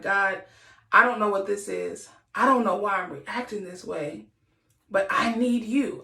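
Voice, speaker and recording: A woman's voice: mid-range voice, vocal fry, fairly bright tone, echoey room. A woman podcast host sharing a candid, earnest personal reflection, sometimes acting out what people said. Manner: earnest, confessional, acts out quotes.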